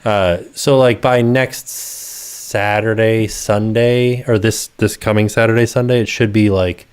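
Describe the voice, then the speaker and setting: A man co-hosts a live stream with relaxed, meandering chat. He often drifts off mid-sentence and circles back, like friends talking on a couch. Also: fairly low pitch, a little slow, clean tone. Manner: rambling, trails off and restarts. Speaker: co-host.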